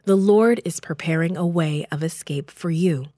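A woman voicing a calm, firm elderly male leader who speaks in a steady, commanding way. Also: on the low side, moderate pace, no room sound, studio quality, lightly acted.

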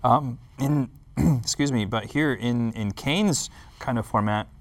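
A man's voice: medium pitch, slow pace, no room sound. A man talking casually in a Bible study discussion, thoughtful, repeating words and restarting as he reasons aloud. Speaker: discussion panelist.

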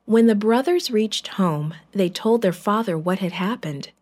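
A woman narrating a Bible story in a measured, clear scripted reading. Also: medium pitch, animated, a little mellow.

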